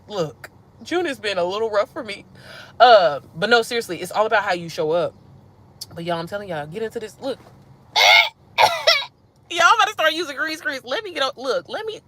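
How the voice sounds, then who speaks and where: A woman hosting a casual livestream, animated and slangy, talking straight to her viewers. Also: a little high, a little fast, pauses often. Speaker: livestream host.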